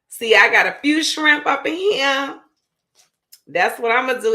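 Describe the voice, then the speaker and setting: Chatty bright-voiced New Orleans woman. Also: high voice, lively intonation, a little slow. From Louisiana. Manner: chatty, talks straight to viewers. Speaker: show host. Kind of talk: casual cooking chat.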